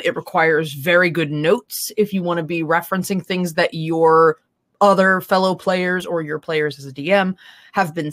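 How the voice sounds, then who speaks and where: A woman's voice: fairly low pitch, fairly bright tone. A woman co-hosting a casual tabletop gaming stream, talking reflectively with lots of fillers. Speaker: co-host, dungeon master. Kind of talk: casual chat.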